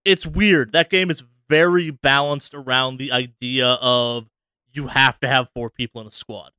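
A man co-hosting a podcast, rambling casually about a video game with many restarts and quick asides. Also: medium pitch, clean tone, dry recording. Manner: rambling, many restarts, animated voices for quotes. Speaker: podcast co-host.

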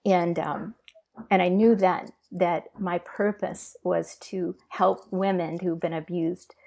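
A middle-aged woman sharing an emotional personal testimony in an earnest, halting way with many pauses and fillers. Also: lowish voice, steady tone, vocal fry, a little mellow. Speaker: guest sharing her testimony.

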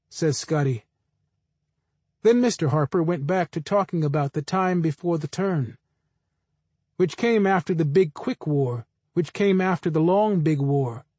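A man narrating a first-person audiobook in a plain, even storytelling manner. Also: a little high, unhurried, slightly rough, no room sound.

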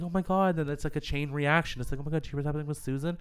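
A man's voice: mid-range voice, rapid-fire, few pauses, soft background music. A man hosting a casual podcast chat, ranting profanely and slipping into put-on voices. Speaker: podcast host.

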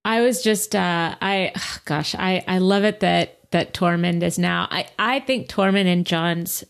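A woman co-hosting a casual podcast chat, playful and giggly, with quick interjections. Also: lowish voice, gravelly. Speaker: podcast co-host.

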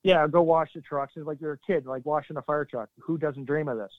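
A middle-aged man, a military veteran, telling his story in an earnest, halting way with sudden emphatic bursts. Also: fairly high pitch, fairly even intonation, no echo. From Canada. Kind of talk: candid interview storytelling. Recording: dry, tinny phone-like line.

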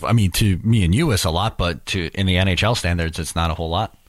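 A man's voice: deep voice, quick pace. A man in casual sports chat, agreeable and giving short replies.

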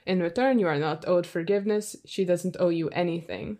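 A woman's voice: on the low side, a little fast, mellow. A woman playing a tabletop game, firmly and plainly explaining how to apologize. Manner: firm, instructive, plainspoken. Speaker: player. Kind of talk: in-character tabletop play.

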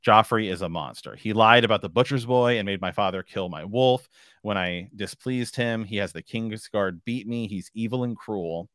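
A man's voice: on the low side, normal speed, a bit bright, no room sound, lightly acted. A man reading aloud the lines of a frightened young noble girl from a book, in a dry close recording.

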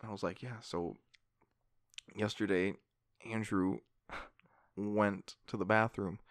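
A young man hosting a podcast, telling high school stories in a casual chat and acting out the voices of the people in them. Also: slow pace, dry recording, clean studio sound. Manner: animated storytelling, acts out voices. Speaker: podcast host.

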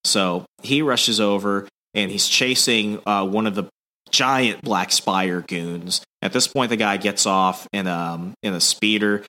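Bright-voiced man casually recapping comics. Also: fairly low pitch, unhurried. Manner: casual, loose, swears, many fillers. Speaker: podcast host.

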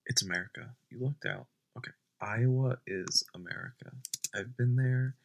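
A young man doing a deadpan comedy bit at home at night, rambling and often dropping to a whisper. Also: medium pitch, moderate pace.

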